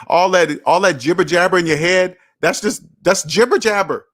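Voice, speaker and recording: This livestream host, a man in his thirties or older, talks a little fast with hardly any pauses, his fairly high voice a bit bright. He reads and answers chat casually, preaching bluntly and swearing freely.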